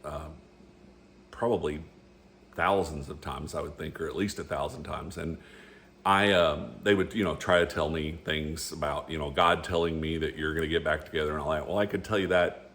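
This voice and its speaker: A man's voice: a bass voice, steady tone, normal speed, a bit bright, a little hiss or hum. A middle-aged man telling a personal faith story in a rambling, earnest way. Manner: rambling and earnest, with frequent restarts. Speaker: storyteller sharing a faith testimony. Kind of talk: casual spoken testimony.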